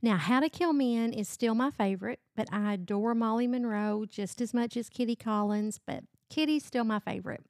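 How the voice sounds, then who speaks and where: A woman's voice: on the high side, normal speed, few pauses, darkish tone, no room sound, clean studio sound. A middle-aged woman hosting a book review podcast, chatting casually and gushing about the books she loves. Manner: gushing, enthusiastic.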